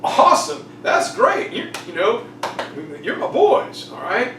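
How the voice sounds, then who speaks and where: A man voicing a brash young king who talks loud slang and boasts. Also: very high-pitched, huge pitch swings, slow pace, echoey room, recorded from a distance, slight background noise, pitched above the performer's own voice, full character voice. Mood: boisterous.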